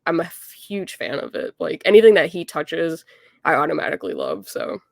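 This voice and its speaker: A woman's voice: deep voice, animated, fairly quick, gravelly, no echo. A young adult woman, a guest chatting casually and upbeat as a fan, with lots of fillers.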